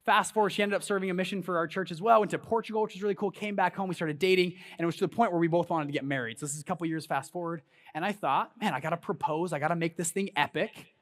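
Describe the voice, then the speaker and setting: High-voiced animated man telling a story on stage. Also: racing, few pauses. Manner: storytelling, animated, hypes the crowd. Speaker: conference speaker. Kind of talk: motivational stage talk. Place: large event hall on stage.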